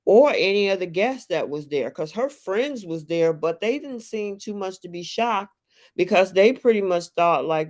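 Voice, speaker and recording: Host on a home live stream, mid-pitched voice, talks slow and easy, chats and reads out viewer comments. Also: expressive. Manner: unhurried, chatty, reads viewer comments aloud. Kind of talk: casual live chat about a reality show.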